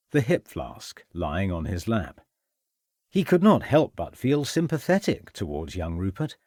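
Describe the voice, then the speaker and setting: A man reading a mystery audiobook as narrator, in steady, even storytelling. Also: lowish voice, slightly rough, dry recording, studio quality. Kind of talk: scripted narration.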